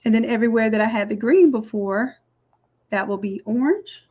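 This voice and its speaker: A woman walking through a design software tutorial step by step in a chatty, explaining way. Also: on the high side, normal speed, breathy edge. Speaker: design instructor. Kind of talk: screen-recorded software tutorial.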